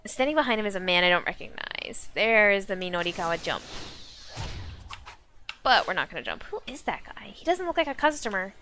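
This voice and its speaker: A woman's voice: mid-range voice, very animated, a little fast, bright, forceful tone, slight background noise. A woman streamer reading a game aloud on a live stream in a chatty way, with asides and self-corrections. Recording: music playing underneath.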